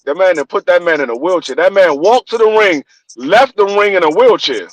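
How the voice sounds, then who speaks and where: A man co-hosting a podcast, talking boxing in animated, profane casual chat and repeating his punchlines. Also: sits high, fairly quick, no room sound, low-quality recording. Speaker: podcast co-host.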